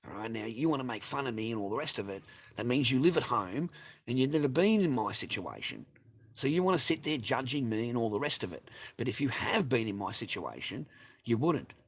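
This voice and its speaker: A man's voice: medium pitch, lively intonation, fairly quick. A man in middle age vents to his viewers in a long aggrieved rant. He swears freely, circles back over the same points and keeps appealing to the audience. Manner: sweary, aggrieved, repeats himself, addresses viewers. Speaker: vlogger. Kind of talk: angry personal rant to camera.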